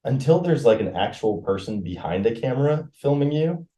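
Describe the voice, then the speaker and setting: A man co-hosting a casual podcast with his wife, joking and telling quick stories. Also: medium pitch, sing-song, dark tone. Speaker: podcast co-host. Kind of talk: casual chat.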